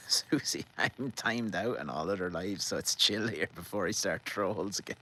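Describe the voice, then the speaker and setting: A man's voice: deep voice, animated, slow, pauses often, bright, forceful tone, slight background noise. An Irish man live-streaming from a garden outdoors, rambling and joking as he reads out viewer comments. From Ireland. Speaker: livestream host. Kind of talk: casual live-stream chat.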